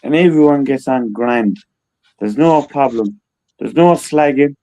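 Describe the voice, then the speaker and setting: A man's voice: medium pitch, unhurried, dark tone, poor audio. A man, chatting in a rambling, repetitive way and swearing freely on a live stream call. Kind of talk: rambling casual chat.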